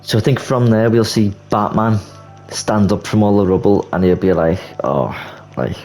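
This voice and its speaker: A young man casually pitching a movie plot, telling it as an animated story with swearing and quick restarts. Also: poor audio. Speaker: YouTuber. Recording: faint music bed.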